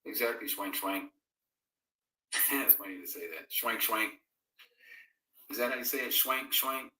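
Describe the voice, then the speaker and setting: In an echoey room, with his voice well away from the microphone, a man runs a live-streamed Bible fellowship. He reads out and answers viewers' comments in a conversational way, chats casually, and reads from scripture, speaking at medium pitch and normal speed with a sharp tone.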